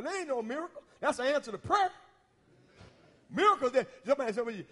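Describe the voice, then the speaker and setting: High-voiced folksy preacher man. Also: lively intonation, fast talker, a bit bright. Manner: folksy, laughing often, asks the congregation questions. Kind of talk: sermon.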